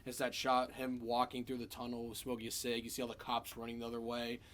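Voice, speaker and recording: A man talking through a film in a casual spoiler review. He retells scene after scene in an animated, profane way, at an ordinary middle pitch for a man. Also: fairly quick, a little hiss or hum.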